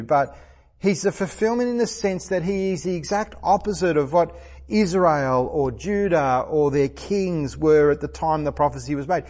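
Male preacher, middle-aged, slightly high voice, emphatic sermon delivery. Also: a little mellow. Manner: earnest, emphatic, repeats phrases for stress.

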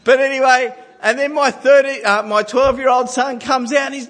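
A man's voice: very high-pitched, normal speed, hardly any pauses, a bit bright, big-room sound. A man in his forties preaching a sermon, telling family stories with self-deprecating humour. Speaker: pastor.

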